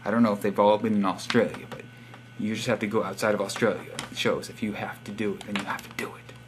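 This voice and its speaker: A man's voice: lowish voice, little pitch movement, fast, a little hiss or hum. A young man reading out subscriber profiles in a casual, sarcastic, teasing monologue. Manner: sarcastic teasing, reads profiles aloud with wry asides. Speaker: vlogger giving subscriber shoutouts.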